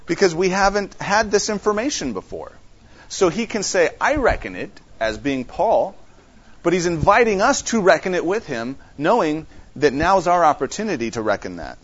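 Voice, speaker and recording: A man's voice: on the high side, big pitch swings, breathy edge. A man teaching an interactive Bible study, repeating his main points, checking in with his listeners and often restarting his sentences. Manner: halting, with frequent restarts. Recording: dull lo-fi recording.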